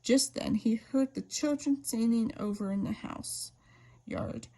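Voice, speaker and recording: A woman reading an old bedtime story aloud in a gentle, unhurried way. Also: fairly high pitch.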